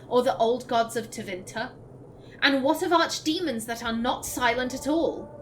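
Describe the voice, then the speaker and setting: Let's-play host, woman, slightly high voice, emotional lore reader, faint hiss behind. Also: rough recording. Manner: emotional, reads verse gently, then chats with quick laughing asides. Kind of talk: reading in-game texts aloud with casual commentary.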